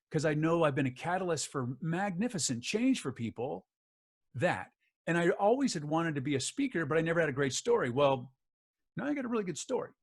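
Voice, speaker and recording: A middle-aged man telling a personal story in an interview, acting out the other people's lines as he goes. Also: a little high. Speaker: guest, author and voice actor.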